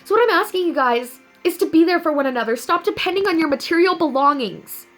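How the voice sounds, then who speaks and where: High-voiced earnest young woman vlogging. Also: quick pace, soft background music, poor audio. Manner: earnest, upbeat, animated storytelling. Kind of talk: casual inspirational talk to viewers.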